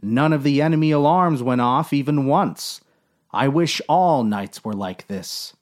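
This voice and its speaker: A man voicing an earnest young male submarine sailor in a deadpan, matter-of-fact way. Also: medium pitch, unhurried, close to an everyday voice.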